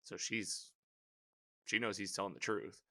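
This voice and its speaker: Man, lowish voice, bright and forceful tone, casual episode recap, filler-heavy. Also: measured pace, gravelly. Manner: rambling, filler-heavy, animated reactions.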